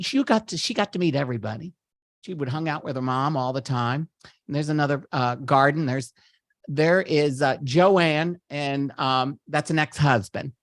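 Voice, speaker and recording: A man's voice: a little high, no room sound, lightly acted. Campy giggly comedian as a man puts him on, gushing party host, dry close sound. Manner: gushing, giggly, chatty asides. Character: campy middle-aged male comedian impression. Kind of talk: narrating photo slideshow. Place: virtual party at home.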